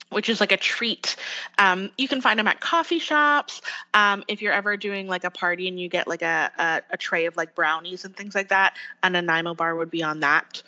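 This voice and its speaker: A woman's voice: mid-range voice, sharp tone, dull audio. A woman with a West Coast Canadian accent, an actor chatting as a podcast guest, upbeat and full of fillers. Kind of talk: casual podcast interview.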